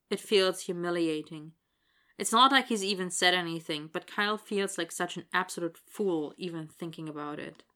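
Woman narrator, low pitch, bright crisp tone, steady and wry. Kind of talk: audiobook narration.

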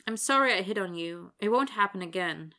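Bright, excitable young barista, breathless exclamations, as a woman reads the part. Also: mid-range voice, a little fast. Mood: apologetic.

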